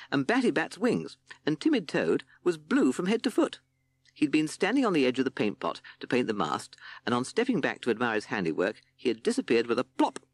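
A man narrating a children's audiobook in an expressive storytelling manner. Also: medium pitch, no echo.

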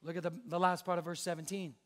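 A man's voice: sits high, little pitch movement, quick pace. A young adult man preaching a sermon to a church crowd in a chatty, joking way, often acting out little bits of dialogue. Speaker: pastor.

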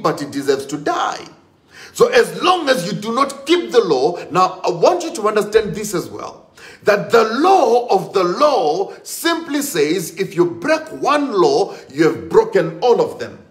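A man's voice: high voice, reverberant. A man preaching a sermon with emphatic, repetitive delivery and rising exclamations.

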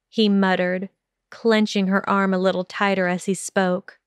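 A woman narrating a fan audiobook in a measured, even storytelling manner on a close mic. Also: mid-range voice, clear, resonant tone, no room sound. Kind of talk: scripted narration.

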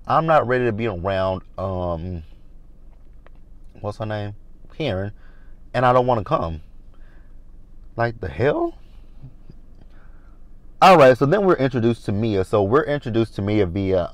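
Speaking with an American Southern accent in a lowish voice and no room sound, a reality TV recap vlogger gives a chatty, blunt review of an episode, acting out the cast members in quotes.

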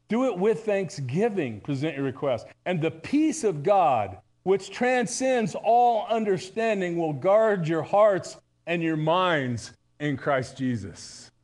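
Male pastor, live sermon, slightly high voice, chatty and funny with loud emphatic peaks. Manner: conversational and humorous, with emphatic high bursts. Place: church sanctuary.

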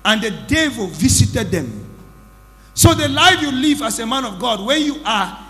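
A man with a very high, bright voice preaches to his congregation, exclaiming and firing questions at them. He is recorded in a church hall with a long echo, and faint music plays underneath. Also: sing-song, measured pace. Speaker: prophet leading a church service. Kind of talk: sermon with deliverance testimony.

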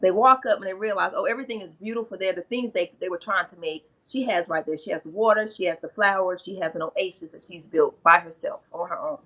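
A woman's voice: lowish voice, fast, hardly any pauses, bright, forceful tone. A middle-aged woman, a spiritual practitioner, earnestly retelling sacred myths in casual conversation. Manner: earnest, retells myths and slips into quoted voices.

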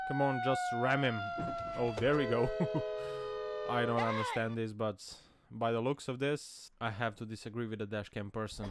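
A man commenting on dashcam clips in a casual, mocking way, laughing often and shouting out now and then. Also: mid-range voice, steady tone, moderate pace, over loud music. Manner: mocking, laughs often, sudden loud exclamations.

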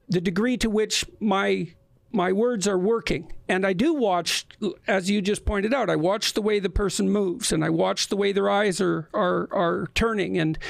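A man hosting an interview conversation, speaking haltingly and repeating words as he thinks. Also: high-pitched, creaky, no room sound. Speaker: podcast host.

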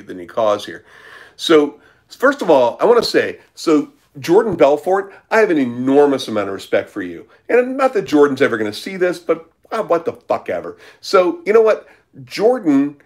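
A middle-aged man hosting a livestream, reading viewer questions and launching into a blunt, profane, combative rant. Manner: profane, blunt and combative, with pitch swinging up when worked up.

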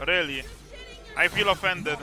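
A man's voice: high voice, measured pace, pushed and bright, soft background music. A man streaming a video game, chatting casually with blunt, swearing rants about the match. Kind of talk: casual gaming commentary.

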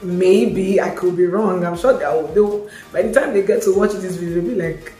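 A woman's voice: on the low side, moderate pace, dark tone. A young woman with a Nigerian accent, chatting expressively in a casual vlog, slipping in Yoruba asides. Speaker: vlogger. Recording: echoey room with faint music.

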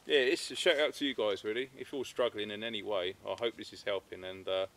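A man's voice: lowish voice, fairly even intonation, quick pace, fairly bright tone. A British man hosting an outdoors channel, chatting casually and laughing while relaxing in a hammock in the woods. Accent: British English. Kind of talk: casual chat to camera.

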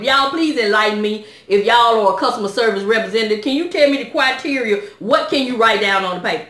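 A woman's voice: on the high side, quick pace, hardly any pauses, fairly bright tone. A woman vlogging a blunt, exasperated rant to her viewers, putting questions to them. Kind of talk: casual direct-to-camera rant. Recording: echoey room.

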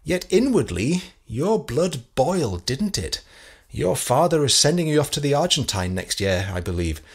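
A man reads the part of a middle-aged English detective who presses his questions in a cool, measured way. The voice is slightly husky and the pitch moves about lively as he builds his case. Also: full character voice. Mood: cold.

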